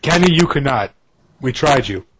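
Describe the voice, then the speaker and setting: A man talking loudly into a headset mic in a casual chat, his voice clipping and distorted. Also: medium pitch, moderate pace. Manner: loud, yelling, excitable.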